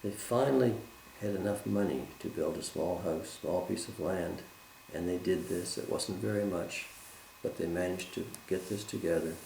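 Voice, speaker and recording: A man teaching a Bible study lesson in an earnest, measured way, quoting scripture as he goes. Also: low voice, creaky, mellow, echoey room, slight background noise, poor audio.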